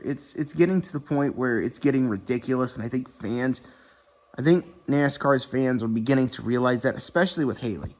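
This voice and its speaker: A man's voice: medium pitch, fairly quick, a little mellow. A man talking casually to his camera at home, rambling with lots of fillers and restarts and plenty of swearing. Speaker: vlogger. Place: indoor room at home. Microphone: webcam or computer mic.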